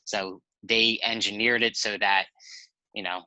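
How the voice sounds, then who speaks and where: Male guest, relaxed rambling talker who swears casually; very bright voice, dry recording. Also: lowish voice, a little slow, no echo, rough recording. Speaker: podcast guest. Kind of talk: casual storytelling chat.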